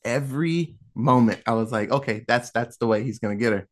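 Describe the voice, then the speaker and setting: A man's voice: medium pitch, a little fast. A man casually retelling a film's plot, acting out the characters' lines as he goes. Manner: animated storyteller who acts out quotes. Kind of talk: casual film recap storytelling.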